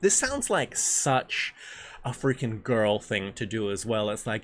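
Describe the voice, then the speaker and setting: A man's voice: fairly low pitch, big pitch swings, a little slow, a little hiss or hum. A man leading a reading group on a stream, reading a book aloud, stumbling over words and breaking off for casual, joking asides.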